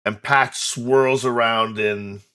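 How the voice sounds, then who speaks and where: A man running a tabletop horror game, describing each moment at an unhurried, measured pace. His voice has a bright, forward edge. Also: medium pitch, fairly even intonation, smooth. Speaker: game master.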